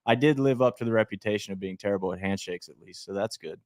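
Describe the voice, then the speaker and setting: Low-voiced, teasing podcast co-host. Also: male voice, fast, darkish tone, no room sound. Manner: teasing, easygoing. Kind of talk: joking studio banter.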